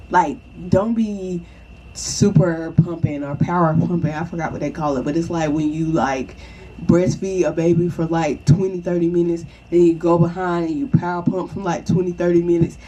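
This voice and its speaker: A woman's voice: fairly low pitch, warm tone, husky, muffled recording. A young woman chatting casually and reassuringly to the viewer, often checking in with "okay?". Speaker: vlogger. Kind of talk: casual advice chat.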